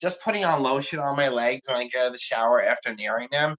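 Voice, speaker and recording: A man's voice: mid-range voice, fast, a bit bright, poor audio. A man chatting casually on a livestream, rambling and confiding in an emotional way.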